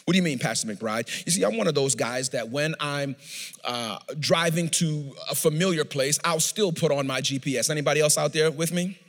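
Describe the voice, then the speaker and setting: A man's voice: on the high side, moderate pace, a bit bright. A male pastor delivering a sermon in a church, emphatic and sing-song, drawing out his phrases. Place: church sanctuary. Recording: long reverb of a large hall.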